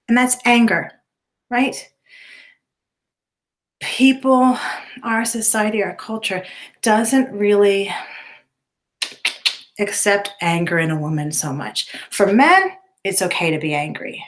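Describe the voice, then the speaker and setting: A middle-aged woman teaching a class in a loose, talkative way. She checks in with listeners often and fills her pauses with small sounds. Her pitch sits in the middle of the usual range for a woman. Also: a bit bright. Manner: conversational, frequent fillers and tag questions. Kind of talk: recorded lecture to students.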